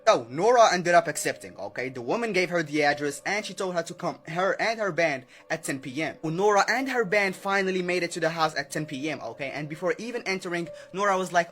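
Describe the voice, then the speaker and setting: A man's voice: on the high side, lively intonation, fast, few pauses, fairly bright tone, faint music behind. A young man telling a creepy story in a casual storytime style, chatty and constantly checking in with "okay?". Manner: chatty, keeps adding "okay?" and "right?".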